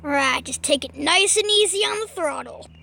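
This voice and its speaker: A woman's voice: high-pitched, animated, normal speed, gravelly, pushed and bright, heavily acted. A woman voicing a businesslike adult male helicopter pilot in a homemade toy skit.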